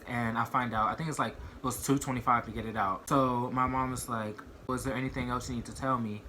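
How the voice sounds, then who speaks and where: Young male vlogger, bright forward tone, chatty rambling storyteller with constant fillers. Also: mid-range voice, a little hiss or hum. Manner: rambling, heavy use of "like" and "you know what I mean". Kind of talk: casual storytime.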